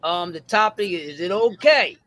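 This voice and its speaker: Male co-host, high voice, bright tense tone, boastful. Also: animated, moderate pace, slight background noise. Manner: boastful, playful. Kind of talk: casual chat.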